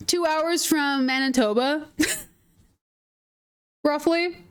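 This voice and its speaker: Bubbly high-voiced Minnesotan young woman. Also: extremely slow. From northern Minnesota. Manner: bubbly, chatty, giggly. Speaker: streamer. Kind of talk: casual gaming stream chat.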